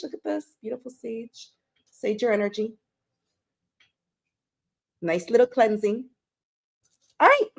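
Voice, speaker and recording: Woman, tarot live-streamer, slightly high voice, chatty and affectionate with viewers. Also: darkish tone. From Canada. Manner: chatty, greets viewers with pet names.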